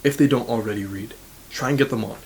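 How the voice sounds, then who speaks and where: A man's voice: mid-range voice, fast talker, a little mellow, slight background noise, poor audio. An eighteen-year-old man from Canada giving blunt, casual self-improvement advice to camera as a university student, swearing freely and saying "like" a lot. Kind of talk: motivational talk to camera.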